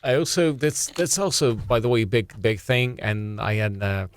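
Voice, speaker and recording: A man from Russia with a Russian accent, a native Russian speaker, calmly telling jokes in halting English on a podcast. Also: medium pitch, dry recording. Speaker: podcast co-host, comedian. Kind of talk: casual comedic chat.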